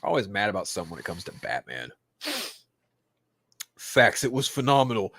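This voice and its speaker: Profane, animated male podcast host. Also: fairly low pitch, fairly quick, long pauses, dry recording. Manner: swears constantly, mock-crying outbursts and animated swings. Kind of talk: profane casual pop-culture rant.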